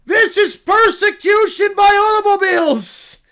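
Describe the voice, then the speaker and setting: A man voicing an excitable little male bear with shrill, wildly enthusiastic proclamations. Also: a little slow, full character voice. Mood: indignant.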